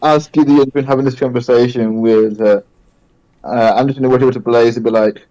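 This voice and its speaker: Mellow-voiced man at the game table. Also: medium pitch, steady tone, a little fast, rough recording. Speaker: player. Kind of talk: casual tabletop play.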